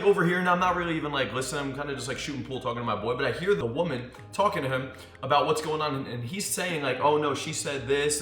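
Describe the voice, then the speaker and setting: A man coaching on dating in a casual monologue, telling stories with swearing and acting out what people said. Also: mid-range voice. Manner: animated storyteller who swears and acts out quotes. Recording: echoey room with faint music.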